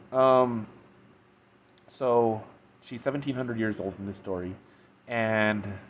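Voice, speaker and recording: A man's voice: mid-range voice, slight background noise. A man giving a casual spoken review of a story, rambling with lots of fillers and restarts. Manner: rambling, filler-heavy retelling with frequent restarts. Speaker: fanfiction reviewer.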